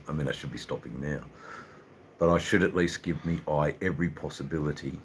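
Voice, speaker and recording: An Australian man with an extremely deep, low voice chats casually on his live stream. He rambles and hesitates, with a steady trickle of ums and uhs, over a faint hiss in the background. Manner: rambling, hesitant, full of fillers. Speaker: livestream host.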